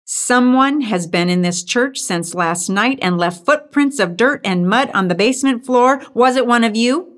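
A woman's voice: a little high, lively intonation, normal speed, a bit bright, pitched above the performer's own voice. A woman reading aloud and voicing a stern, bossy older church housekeeper who speaks in an accusing, disdainful way.

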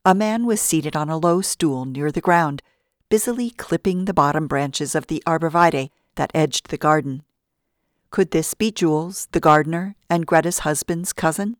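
A woman narrating a novel in a steady storytelling read. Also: low-pitched, moderate pace, no room sound, studio quality. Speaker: audiobook narrator. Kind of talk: scripted narration.

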